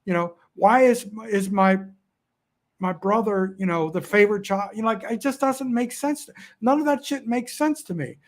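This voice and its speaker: A man in his sixties with a high voice talks as a podcast guest. He sounds angry and halting, stumbling and repeating himself as he vents. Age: 60s. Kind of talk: casual conversation.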